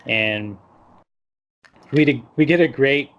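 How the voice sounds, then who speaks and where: A man's voice: medium pitch, slow, a bit bright. Man rambling through a casual movie recap. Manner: loose, rambling recap full of "like" and mock quotes. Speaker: podcast host. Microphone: podcast microphone.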